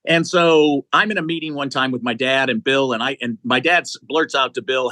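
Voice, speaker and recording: An executive recruiter in his sixties, appearing as an interview guest, tells stories with enthusiasm, his sentences tumbling out with many restarts. His mid-range voice is bright and forceful and fairly quick. A close mic keeps it dry, with no room sound.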